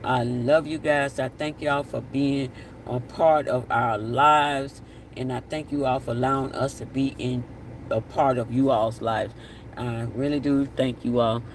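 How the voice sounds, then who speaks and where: A man's voice: medium pitch, fairly even intonation, unhurried. A man hosting a casual live stream, reading viewer comments, repeating himself and sending blessings. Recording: distant mic with faint outdoor noise.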